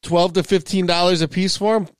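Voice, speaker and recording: A man's voice: sits high, flat delivery, fairly quick, smooth, dry recording, studio quality. A middle-aged man co-hosting a casual podcast chat, joking and rambling, often breaking into laughter. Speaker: podcast co-host.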